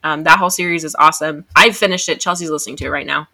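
A young woman co-hosting a podcast, telling a story in an animated, excitable way. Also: low-pitched, racing, gravelly. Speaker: podcast co-host. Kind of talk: casual chat.

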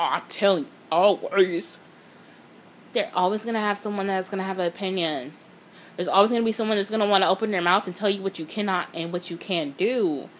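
A woman's voice: on the high side, slight background noise. A woman giving a blunt, profane motivational talk, speaking straight to her viewers. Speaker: motivational vlogger.

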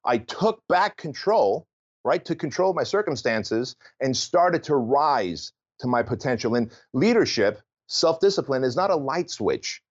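A man's voice: medium pitch, sing-song, measured pace. Candid man telling his story, dull lo-fi sound. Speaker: guest, author and business owner. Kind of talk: podcast interview.

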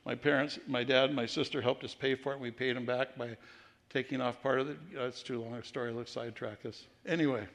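A middle-aged man preaches in a church sanctuary, recounting personal stories conversationally and repeatedly restarting as he goes. His mid-range voice is brisk and a bit bright with fairly even intonation, and the sermon echoes through the reverberant church hall.

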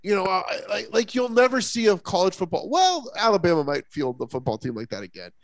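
A man co-hosting a casual sports talk podcast, rambling and animated with lots of fillers and restarts. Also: high voice, fast talker, dry recording. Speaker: podcast co-host.

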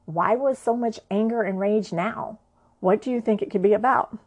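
A woman voicing a patient adult woman friend who talks calmly and reassuringly. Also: mid-range voice, normal speed, natural voice. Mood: calm, soothing. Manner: calm and reassuring.

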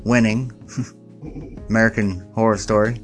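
A man with a Southern US accent, from Oregon, hosting a joking podcast in a deadpan, mock-formal way, full of fillers. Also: fairly low pitch, normal speed, music in the background. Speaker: podcast host. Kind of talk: joking casual podcast chat.

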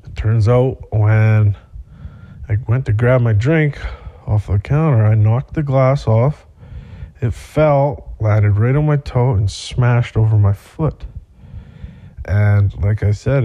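A man's voice: mid-range voice, a little slow, highs cut off. A young man hosting a podcast, telling a rambling, profane personal story with many fillers. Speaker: podcast host. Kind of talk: casual storytelling monologue.

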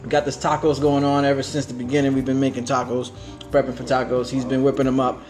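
A man's voice: mid-range voice, flat delivery, quick pace, music in the background. A man hosting a casual podcast, talking in a laid-back, slangy way with lots of fillers while eating. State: talking with his mouth full. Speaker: podcast host. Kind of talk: casual chat.

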